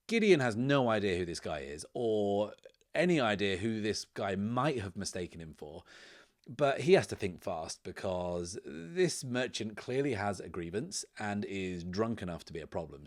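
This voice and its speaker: Deep-voiced man narrating a solo game. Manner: thinks aloud, loose, with many "like" and "right?".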